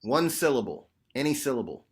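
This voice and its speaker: A man's voice: medium pitch, fairly quick. Casual man leading an online workshop. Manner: casual, animated, slangy, addresses group as y'all. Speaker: workshop facilitator. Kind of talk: online group workshop teaching. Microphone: video call.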